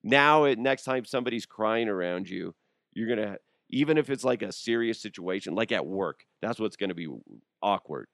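A man's voice: on the low side, no room sound, studio quality. A middle-aged man hosting a radio show in a casual comedic chat, rambling and joking with frequent laughs.

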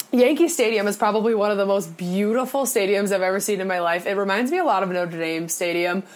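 Bubbly young woman telling sports stories. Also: mid-range voice. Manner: bubbly storyteller, laughs often, lively acted-out quotes. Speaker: podcast co-host. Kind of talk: casual chat.

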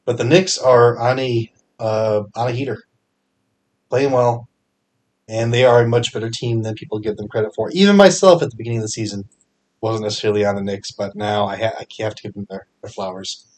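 A man with a fairly low voice runs a casual solo podcast, giving his sports picks. He talks with energy and chatty, loose phrasing, often restarting a thought mid-sentence. His pitch jumps up when he gets excited. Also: a little fast. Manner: energetic, chatty, with fillers and self-corrections. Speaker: fantasy sports podcast host.

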